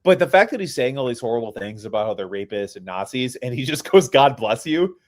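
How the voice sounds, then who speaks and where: A man's voice: mid-range voice, expressive, fast talker, a little mellow. Guy hosting a podcast, fired up, stutters when he's mad. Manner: heated, stammering when angry. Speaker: podcast host. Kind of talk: casual chat.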